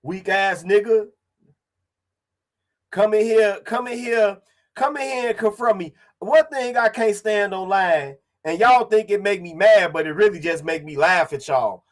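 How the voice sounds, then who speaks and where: A man's voice: high voice, a little slow. A man streaming online, ranting casually in a profane, confrontational way and repeating his points.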